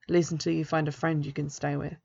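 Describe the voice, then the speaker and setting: A woman reading the part of a friendly, posh young male runaway who speaks softly and reassuringly. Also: deep voice, level tone, fast, gravelly, slightly rough, full character voice. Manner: soft, reassuring, casual. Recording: dull lo-fi recording.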